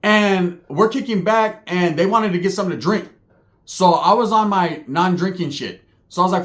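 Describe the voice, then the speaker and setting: This man's high-pitched voice carries a crude, funny story told at a normal pace. He's casual and profane, animated throughout, and punctuates his lines with a rhetorical "right?".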